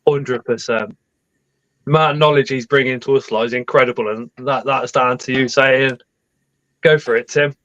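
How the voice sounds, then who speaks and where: A man's voice: medium pitch, fairly even intonation, fairly quick, a bit bright. A man with a Liverpool accent hosting a live stream, chatting casually and reading out viewer comments. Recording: dull, dry lo-fi webcam mic.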